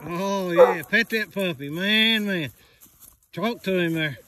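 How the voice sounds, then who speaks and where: An older man calls out to a hound and his granddaughter on a hunt in the woods, folksy and excited, filmed on a handheld camera. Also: high-pitched, slow pace. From West Virginia. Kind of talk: casual outdoor chat. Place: woods outdoors at night. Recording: noisy outdoors with barking dogs.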